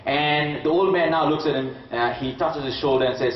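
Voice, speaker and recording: A man's voice: fairly high pitch, moderate pace, few pauses, a little hiss or hum. Motivational speaker, man from Sri Lanka, engages the crowd with a story; caught from afar on a dull-sounding recording. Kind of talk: motivational speech to an audience. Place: large hall with an audience. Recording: echoey, distant, dull hall recording.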